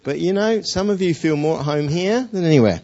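A man preaching a sermon, his pitch rising and falling in lively swings. He tells stories with playful jokes and drawn-out pauses, his voice husky. The recording sounds dull and lo-fi. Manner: warm storytelling, playful jokes, dramatic pauses.

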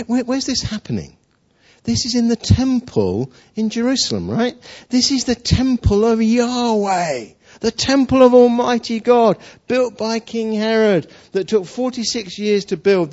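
A man's voice: high voice, darkish tone. A male preacher giving a sermon, telling a story in a chatty way full of rhetorical questions. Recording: dull lo-fi sound.

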